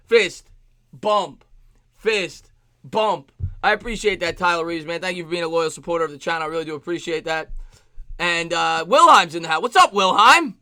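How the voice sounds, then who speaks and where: A man hosting a live sports stream, greeting chat viewers by name in quick shout-outs. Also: fairly high pitch, expressive, no echo.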